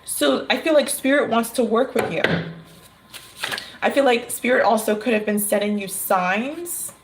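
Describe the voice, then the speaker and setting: A woman reading tarot cards on a casual livestream, chatty and quick to laugh. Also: mid-range voice, background noise. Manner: chatty, laughs often, animated storytelling. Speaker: tarot reader.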